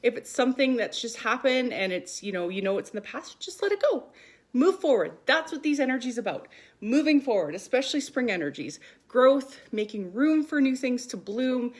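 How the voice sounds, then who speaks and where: A woman's voice: fairly high pitch, lively intonation, normal speed. A woman in her thirties from Canada, a spiritual coach chatting casually and upbeat on a live stream, a little short of breath, reading viewer comments aloud.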